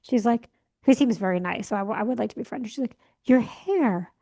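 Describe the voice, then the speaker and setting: A woman's voice: a little high, fast, gravelly, mellow. Chatty young woman telling a story. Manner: chatty storyteller, acts out quoted lines. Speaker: podcast co-host. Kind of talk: casual chat.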